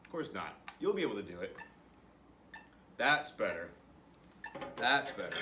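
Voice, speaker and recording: A man's voice: fairly low pitch, sing-song, a little slow, pauses often, reverberant, distant mic, noisy background. A young man teaching an online music lesson to children, encouraging them and counting rhythms aloud as he claps.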